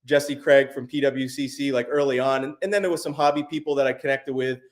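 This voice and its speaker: Man, casual interview guest, mid pitch, rambling, lots of ums. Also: brisk. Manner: relaxed, rambling with many fillers and restarts. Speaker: guest, sports card YouTuber.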